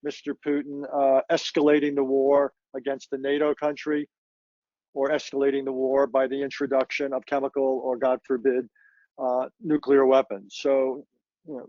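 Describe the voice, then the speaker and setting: A man analyzing foreign policy in conversation, thoughtful and measured, often pausing and correcting himself. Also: mid-range voice, dark tone, no echo, muffled recording. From United States. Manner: measured, thoughtful, frequent hesitations and self-corrections. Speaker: foreign policy expert guest.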